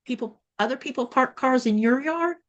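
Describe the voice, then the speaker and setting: A woman from the American South hosts a casual livestream, chatting and reading viewer comments aloud in her Southern US accent. Her voice is high-pitched and her pace normal, though the audio sounds dull.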